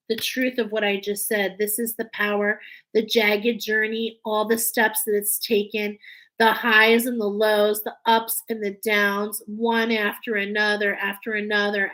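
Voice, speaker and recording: A woman's voice: a little high, fairly bright tone, poor audio. A woman giving an emotional, earnest spiritual oracle card reading, teary at times.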